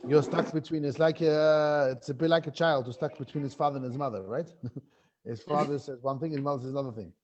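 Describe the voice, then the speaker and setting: A man's voice: a little high, fairly even intonation, brisk, darkish tone, highs cut off. Chuckling, questioning male Gemara teacher. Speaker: Torah teacher. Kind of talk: online Gemara class.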